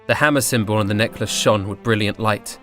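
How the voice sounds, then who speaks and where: A man's voice: on the low side, brisk, a bit bright. Wry male storyteller over faint music. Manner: wry, dry humor with wordplay. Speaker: storyteller of a tabletop campaign epilogue. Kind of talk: scripted story narration.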